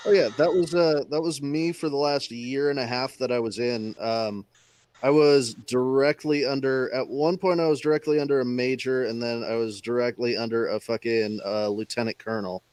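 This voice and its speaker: A man speaks in an easygoing, wry way, swearing in passing as he trades stories from his military career. His pitch sits in a middle range. It comes across as a relaxed podcast chat. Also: normal speed, clear, resonant tone, no echo. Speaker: military veteran.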